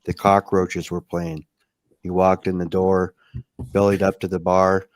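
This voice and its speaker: Low-voiced man, dry close sound. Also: flat delivery, unhurried, no room sound. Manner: upbeat anecdotes, "right?" checks. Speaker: co-host. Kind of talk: casual chat.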